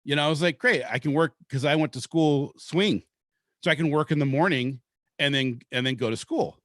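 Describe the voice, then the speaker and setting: A man's voice: on the high side, a little fast, fairly bright tone, no room sound. Guy from seattle rambling thru a story on a podcast, loose and profane, dry close mic. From Seattle, Washington. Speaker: podcast host. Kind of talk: casual storytelling chat.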